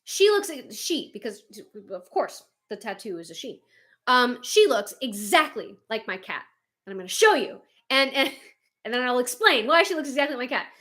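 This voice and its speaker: A woman runs a livestream, chatting casually with her viewers and reading out their comments. She's animated and laughs easily, and her voice sits on the high side.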